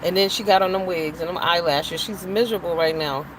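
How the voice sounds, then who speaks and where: A woman's voice: on the low side, fairly quick. Brief: middle-aged woman, show host, emphatic and profane opinion talk, faint background hiss. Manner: blunt, profane, emphatic, preachy asides. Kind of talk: opinionated casual commentary.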